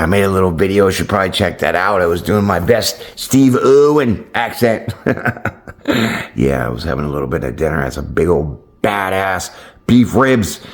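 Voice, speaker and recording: A man hosting his own channel, talking casually and encouragingly to his viewers. He speaks in loose, slangy language with some playful swearing, and keeps checking in with "right?" and "my friends.". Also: low-pitched. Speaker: tarot channel host. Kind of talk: casual motivational chat to camera.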